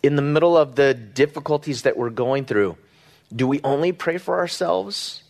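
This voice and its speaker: A man's voice: medium pitch, normal speed, vocal fry, a little mellow. Man, middle-aged pastor, sermon, earnest and conversational, restarts mid-sentence. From Southern California. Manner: conversational, earnest, with frequent restarts and rhetorical questions.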